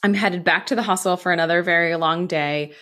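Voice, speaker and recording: An American woman in her thirties, a physician assistant, telling a personal story candidly with quick bursts and frequent "like". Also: lowish voice. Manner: candid, animated, fast bursts with filler likes.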